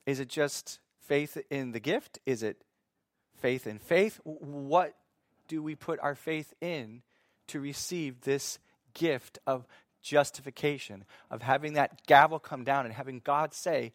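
A man teaching from the Bible in a sermon, reading scripture slowly and asking his listeners questions that he then answers himself. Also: mid-range voice, dry recording, studio quality. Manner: reads scripture slowly and deliberately. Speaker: preacher.

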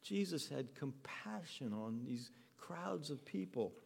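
A man preaching a sermon to a congregation, telling the story earnestly and growing soft and tender as he speaks. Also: mid-range voice, animated, takes it slowly, vocal fry, breathy edge. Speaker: pastor. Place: church hall with a congregation.

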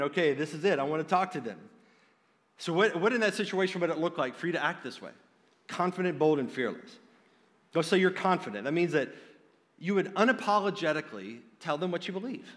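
A man's voice: on the high side, animated, a little fast, fairly bright tone, long reverb tail. A man preaching a sermon in an earnest, direct way, often restarting his phrases.

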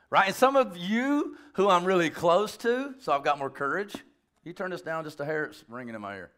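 A male pastor preaching a sermon in an animated, joking way, with rambling asides. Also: high voice, brisk.

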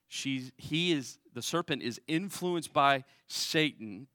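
A pastor delivers a sermon conversationally, frequently checking in with "right?" and moving between raised emphasis and quiet asides. His pitch is medium and his intonation lively, at a slow pace. The recording is dry, with clean studio sound.

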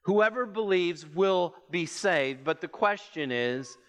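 A man preaching a sermon, reading scripture and explaining it with measured emphasis. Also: animated, fairly bright tone, smooth. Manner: measured, emphatic preaching that rises in pitch as it builds.

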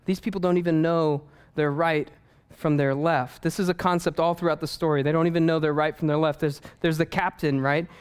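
A man preaches a sermon, retelling the story with animated humor and playful asides. His voice sits a little high and sounds smooth and clear, as in a church. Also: a little fast. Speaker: pastor.

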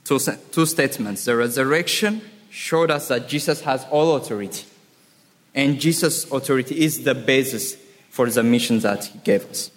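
A man preaching a sermon, emphatic and deliberate, repeating key words for effect. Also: mid-range voice. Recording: reverberant hall.

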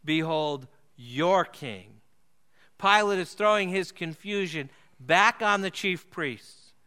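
A man preaching a sermon, earnest and emphatic, slowing and dropping his voice low to stress key phrases. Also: sharp tone, clean tone.

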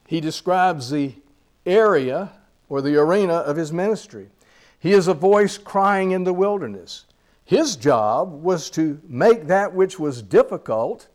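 Guy preaching a sermon, kinda high voice, gets loud and slow on the scripture bits, goes quiet on the asides. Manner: swells loud on scripture and drops low on asides; slows on key lines, repeats phrases.

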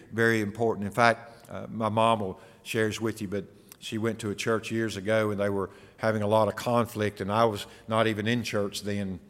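Man preaching in a reverberant hall. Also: medium pitch. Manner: earnest preaching with rhetorical questions. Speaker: pastor. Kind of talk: sermon. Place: church sanctuary.

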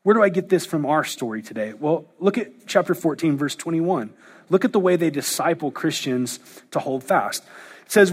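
Husky-voiced pastor preaching in a reverberant hall. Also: male voice, fairly high pitch. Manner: animated preaching, acts out quoted voices. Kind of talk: sermon.

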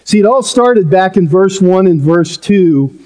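A man's voice: high-pitched, animated, unhurried, a little mellow. A male pastor preaching a sermon in an earnest, emphatic way, with playful asides.

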